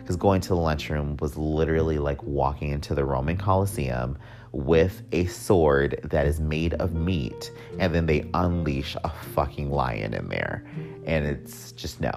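Very deep-voiced man telling his story. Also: vocal fry. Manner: candid, profane, with wry joking asides. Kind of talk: personal storytelling.

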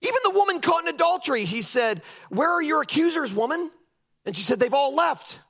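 This man's voice is very high and brisk as he preaches energetically. He lampoons critics by imitating them and hammers his points with emphasis.

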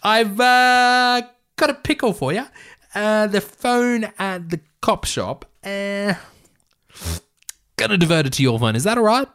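A man's voice: lively intonation, measured pace, fairly bright tone, clean tone, heavily acted. A man doing a bumbling Australian country cop. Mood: sheepish. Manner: high, hesitant, jokey put-on voice. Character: eager bumbling male small-town constable.

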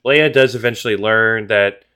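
Bright-voiced joking male co-host. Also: lowish voice, normal speed, smooth. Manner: joking, crude humor. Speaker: podcast co-host. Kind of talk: casual chat.

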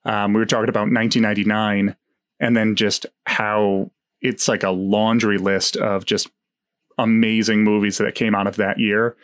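Male podcast host, low voice, loose rambling delivery full of "um" and "like". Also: moderate pace. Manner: relaxed, rambling with many fillers. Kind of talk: casual chat about movies.

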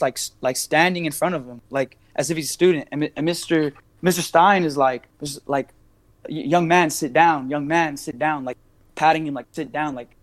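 A man's voice: on the high side, no echo. Young man telling a heated, profane story. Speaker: podcast guest, barber and rapper. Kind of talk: casual storytelling chat.

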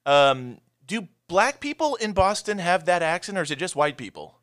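Give me a man with a bright, slightly high voice talking fast as an eager co-host on a movie podcast. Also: very animated, clean tone. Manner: quick, eager, chatty, swears. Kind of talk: casual movie review chat.

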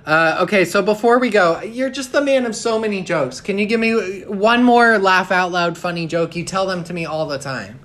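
A young man hosting a podcast in casual chat, easygoing and trailing off into soft mumbles. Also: sits high, moderate pace, hardly any pauses. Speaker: podcast host.

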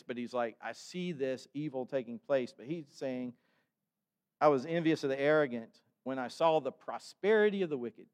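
A male pastor preaching a conversational sermon, reading scripture with rising intensity and often restarting his sentences. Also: mid-range voice.

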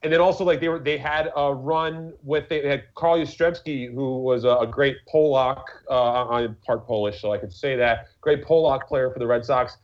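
A man's voice: medium pitch, fairly even intonation, moderate pace, hardly any pauses. Rambling, swearing man on a lo-fi mic. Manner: rambling, swearing, many fillers and restarts. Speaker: podcast co-host. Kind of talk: casual chat. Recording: lo-fi muffled audio.

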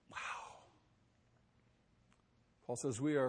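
A pastor preaching a sermon, emphatic, asking rhetorical questions and swinging between quiet and loud. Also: male voice, on the high side, lively intonation, a little slow, long reverb tail.

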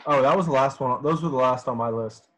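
A man's voice: medium pitch, fast, low-quality recording. Easygoing man chatting about movies. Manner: relaxed, laughs easily, filler-heavy. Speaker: podcast co-host. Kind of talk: casual chat.

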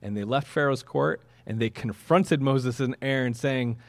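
A man's voice: mid-range voice, moderate pace, gravelly, no echo. A man preaching a sermon in a conversational way, with chuckling asides and questions to the congregation. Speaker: pastor.

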